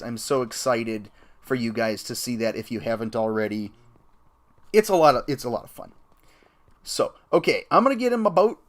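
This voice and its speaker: Male streamer, casual rambling game commentary, lively up-and-down delivery, keyboard typing behind. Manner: rambling and chatty, with excited jumps in pitch.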